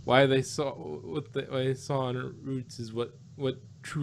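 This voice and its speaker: A man's voice: mid-range voice, steady tone, measured pace, gravelly. A man hosting a casual review podcast, talking in a mid-range voice. He rambles through the plot with many fillers and corrections. A faint noise sits behind him. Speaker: podcast host reviewing cartoon episodes. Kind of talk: casual episode recap.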